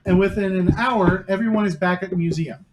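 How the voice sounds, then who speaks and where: A man's voice: sits high, brisk. A man running a tabletop game as game master, narrating the scene in a storytelling way with small restarts. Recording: noisy home stream audio.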